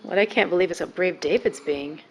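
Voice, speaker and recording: A woman's voice: fairly low pitch, brisk, slight background noise, poor audio. A woman filming her young son at home, narrating and coaxing him and a cat in a sing-song voice. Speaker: mother filming her child. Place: at home with a couch.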